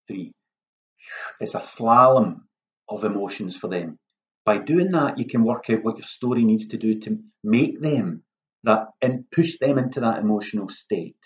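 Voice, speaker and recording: Man, playwright, casual workshop talk, low voice, muffled lo-fi recording. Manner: lively, self-mocking, acts out lines in a hushed voice. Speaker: playwright giving a writing workshop.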